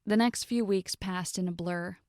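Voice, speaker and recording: Expressive young woman narrating a story. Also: on the low side, normal speed, dry recording, clean studio sound. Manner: expressive, sarcastic asides.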